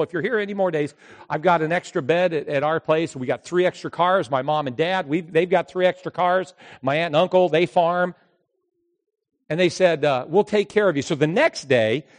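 A middle-aged man telling a long personal story to an audience, animated and anecdotal, coming back again and again to a catchphrase. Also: high voice.

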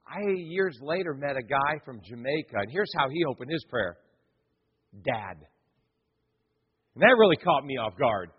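A man's voice: mid-range voice, lively intonation, a little fast, hardly any pauses, slightly rough. A pastor preaching a sermon in a conversational way, asking his listeners many rhetorical questions. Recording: long reverb, dull lo-fi sound.

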